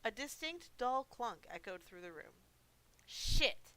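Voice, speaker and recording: A woman's voice: a little high, big pitch swings, normal speed, fairly bright tone. A woman streaming a horror game, reading its story dramatically and breaking off for cheeky, giggly commentary. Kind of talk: reading game story aloud with playful asides.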